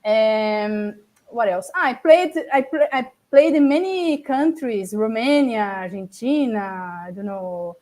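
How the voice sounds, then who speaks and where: A Brazilian woman in her forties with a Brazilian Portuguese accent, a native Portuguese speaker giving an interview in English and often pausing to search for words. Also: a little high, animated, dark tone. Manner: hesitant, searching for words, with fillers and self-corrections. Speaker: interview guest, former tennis player and broadcaster. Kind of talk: casual interview chat.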